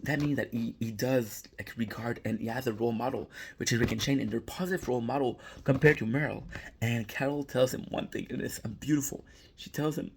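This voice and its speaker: A young man giving a casual, emotional recap of a TV episode, excitable and swearing, stumbling over his words and near tears. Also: medium pitch, brisk, vocal fry, a little hiss or hum. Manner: excitable, swears, repeats himself. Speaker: TV recap vlogger.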